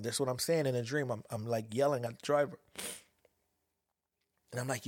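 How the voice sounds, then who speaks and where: A man telling a personal story in a halting, reflective way, with many restarts as he searches for words. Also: mid-range voice, fairly even intonation, no room sound, clean studio sound. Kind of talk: personal monologue about anxiety and a dream.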